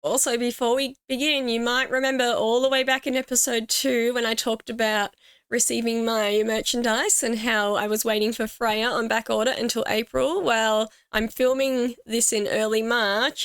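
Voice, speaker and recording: A woman's voice: fairly high pitch, fairly even intonation, moderate pace, clean tone, no room sound, studio quality. A woman hosting her gaming channel, talking to camera in a heartfelt, casual way, teary and grateful. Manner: emotional, teary, grateful, with soft laughs.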